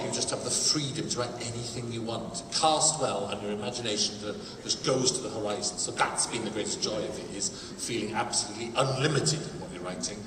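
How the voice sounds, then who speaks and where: Man on a panel chatting away to fans, laughs a lot, gets loud, far off in a big echoey hall with noise. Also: medium pitch. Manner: animated and chatty, laughing often, loud bursts. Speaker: panelist answering audience questions. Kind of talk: casual convention panel answers. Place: large convention hall with an audience. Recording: echoey hall, distant mic, crowd noise.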